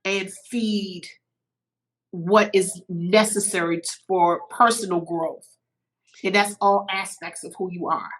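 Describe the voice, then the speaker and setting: A middle-aged woman, a podcast guest, telling a personal story in an animated way, a little teary-eyed. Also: medium pitch, slow, rough recording. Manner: animated, acts out quoted voices.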